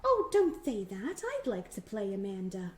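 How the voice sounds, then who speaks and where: A woman's voice: medium pitch, huge pitch swings, measured pace, a little mellow, a little hiss or hum, pitched below the performer's own voice. A woman voicing a gushing fox puppet. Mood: sweet, polite. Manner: sweet, polite, gushing.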